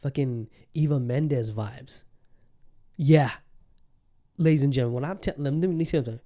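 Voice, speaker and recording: A man's voice: medium pitch, moderate pace, warm tone. A man hosting a podcast alone, talking loosely with lots of fillers, swearing and restarts. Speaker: podcast host. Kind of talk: casual solo podcast monologue.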